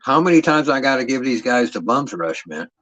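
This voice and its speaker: A man's voice: mid-range voice, sing-song, fairly quick, fairly bright tone, poor audio. A man hosting a livestream, telling stories to his chat in a profane, rambling, streetwise way. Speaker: livestream host. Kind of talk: casual livestream storytelling.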